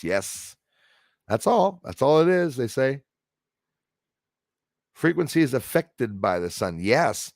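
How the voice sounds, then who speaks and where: A man hosting a casual livestream, rambling excitably and answering viewers' comments aloud. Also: medium pitch, takes it slowly, gravelly, long pauses, no echo, studio quality. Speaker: livestream host.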